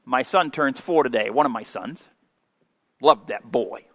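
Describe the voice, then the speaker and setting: A man in his fifties preaching a sermon as pastor, folksy and homespun, moving from quiet asides to loud, emphatic preaching. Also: mid-range voice, big pitch swings, unhurried. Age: 50s. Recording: long hall reverb.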